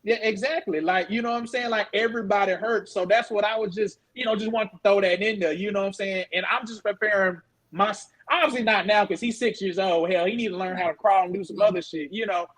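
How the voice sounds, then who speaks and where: A man's voice: sits high, steady tone, fast talker, hardly any pauses, fairly bright tone. A man in his twenties in casual podcast chat, rambling and full of fillers. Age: 20s. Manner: rambling, full of fillers like "you know what I'm saying".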